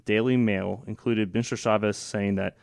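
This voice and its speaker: A man's voice: lowish voice, steady tone, normal speed, creaky, darkish tone, no echo, studio quality. A man hosting a political talk show, opinionated and sarcastic, with frequent fillers and restarts. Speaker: radio show host.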